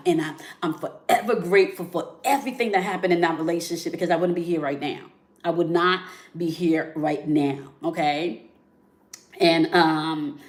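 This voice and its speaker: Woman talking from her bedroom, kinda low voice, keeps saying okay? right? while she tells her story. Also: a little mellow. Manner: repetitive, conversational, frequent "okay?" and "right?" check-ins. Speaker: spiritual content creator. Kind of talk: emotional personal storytelling.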